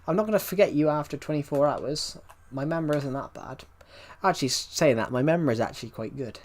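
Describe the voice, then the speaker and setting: Chatty male game streamer, slightly high voice. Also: quick pace. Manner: chatty, rambling, repeats himself while answering chat. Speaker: livestreamer. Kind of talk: live game stream, reading chat aloud.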